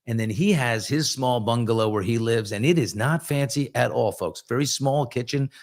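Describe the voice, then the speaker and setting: A middle-aged man hosting a relaxed morning chat, with a voice of ordinary pitch. He reads viewer comments and slides into long, joking anecdotes full of asides and restarts. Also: normal speed. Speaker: host. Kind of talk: casual live show chat and storytelling.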